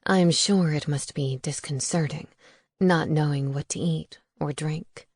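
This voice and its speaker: A woman narrator voicing a smooth, charming male vampire who speaks low and attentively. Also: measured pace, darkish tone, dry recording, clean studio sound.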